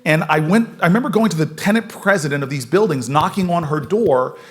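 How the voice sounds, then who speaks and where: A man in his forties from the United States giving an energetic storytelling speech at a forum, laughing often as he moves around the room. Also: a little high, a little fast. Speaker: political speaker at a forum.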